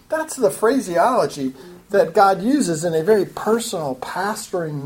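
A woman with a slightly low voice teaches a Bible study, working verse by verse through the text. She explains patiently and earnestly, and her delivery rises to emphatic urging when she applies the lesson. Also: a little mellow.

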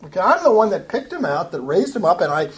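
A woman with a slightly low voice teaches a Bible study, working verse by verse through the text. She explains patiently and earnestly, and her delivery rises to emphatic urging when she applies the lesson. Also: big pitch swings, fast talker.

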